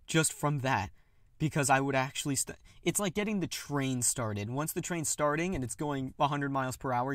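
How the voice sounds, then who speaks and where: A man's voice: mid-range voice, a bit bright, no room sound. Candid young man, close and dry. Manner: candid, halting, with nervous laughs. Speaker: podcast host. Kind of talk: personal confessional monologue.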